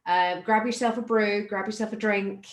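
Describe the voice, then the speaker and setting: A woman's voice: mid-range voice, normal speed. Chatty woman co-host in an echoey room. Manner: relaxed, chatty. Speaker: webinar co-host. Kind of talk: casual chat. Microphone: video call.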